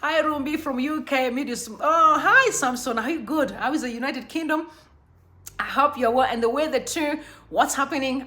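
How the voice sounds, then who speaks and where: Bubbly, bright-voiced young woman live-streaming. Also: high-pitched, moderate pace. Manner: bubbly, chatty, shouts out viewers by name. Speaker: livestream host. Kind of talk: casual live-stream chat greeting viewers. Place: Johannesburg.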